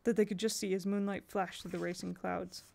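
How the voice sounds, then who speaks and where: Woman reading aloud in a flat, gravelly voice. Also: medium pitch. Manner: even, unhurried storytelling with small restarts. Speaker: audiobook reader. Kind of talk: amateur audiobook reading.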